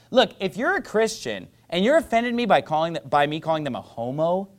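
A man's voice: fairly high pitch, very animated, a little fast. A male pastor preaching a sermon in an emphatic, mocking style that builds to rising fervor.

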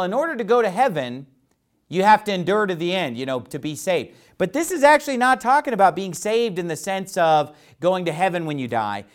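A preacher giving a Bible sermon, explaining verses plainly, asking rhetorical questions, and reading old-style scripture slowly and with emphasis. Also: medium pitch. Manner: reads King James verses slowly and emphatically.

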